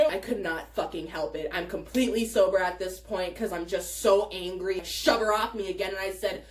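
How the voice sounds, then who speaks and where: A young woman telling a wild personal story in a profane, animated vlog style. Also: medium pitch, a little fast, hardly any pauses, faint music behind. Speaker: vlogger.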